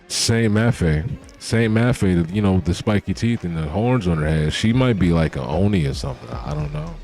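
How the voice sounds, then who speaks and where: A man with a fairly low voice talks through a manga chapter on a live stream. His delivery is slangy, loose and full of cussing, and it turns excitable as he reacts. He also acts out the characters' lines himself. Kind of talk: casual live reaction commentary.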